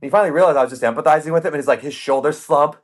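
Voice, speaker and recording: A man hosting a podcast in casual chat, telling stories in an animated way and acting out the voices of the people he quotes. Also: fairly high pitch, very fast. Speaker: podcast host. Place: podcast studio.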